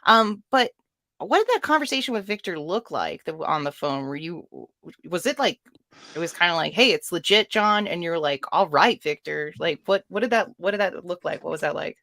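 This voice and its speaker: A woman's voice: fairly low pitch, animated, moderate pace, a bit bright, no echo, clean studio sound. A woman hosting a casual interview, asking chatty questions full of fillers. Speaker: host.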